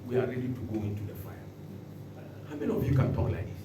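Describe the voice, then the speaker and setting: A man preaching a sermon as pastor, bursting into shouts and acting out the words he quotes. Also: mid-range voice, brisk, noisy background. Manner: animated preaching with sudden shouts and dramatic quotes. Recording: echoey hall from far off.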